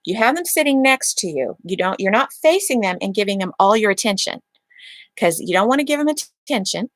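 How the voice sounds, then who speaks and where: A woman's voice: mid-range voice, fairly quick, no echo. A woman hosting a parenting advice channel, explaining a method step by step and often checking in with "okay?". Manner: acts out calm lines to a child in a gentle voice. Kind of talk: instructional talk to camera.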